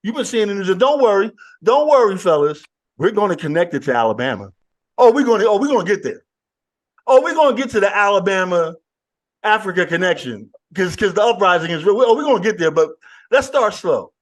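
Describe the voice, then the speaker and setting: High, lively man hosting an online panel. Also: a little fast. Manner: animated, hyped questioning. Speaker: host. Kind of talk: casual online panel chat.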